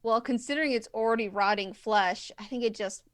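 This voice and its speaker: A woman's voice: on the high side, a little fast. A woman playing a tabletop game, chatting in a playful way. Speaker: player. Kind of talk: casual tabletop game play.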